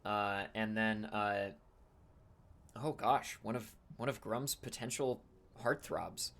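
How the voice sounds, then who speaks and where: A man narrating as dungeon master in a casual, halting way, with many fillers. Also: lowish voice, fairly bright tone. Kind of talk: narrating a tabletop game.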